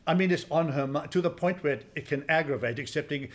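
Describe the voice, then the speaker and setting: A man in his sixties preaching a sermon as pastor, folksy and emphatic, swinging from quiet asides to loud exclamations. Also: fairly high pitch, quick pace, hardly any pauses. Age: 60s.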